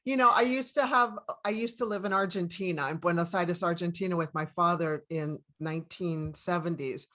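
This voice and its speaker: A woman's voice: lowish voice, moderate pace, hardly any pauses, fairly bright tone. A woman in her sixties hosting an interview in a casual, enthusiastic way, often laughing. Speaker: host.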